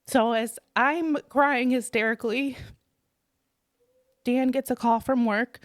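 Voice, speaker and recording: A woman's voice: mid-range voice, lively intonation, no room sound, studio quality. Young woman recounting a night, chatty. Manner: quick, chatty, fillers like "like". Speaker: guest, host's sister. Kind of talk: casual storytelling.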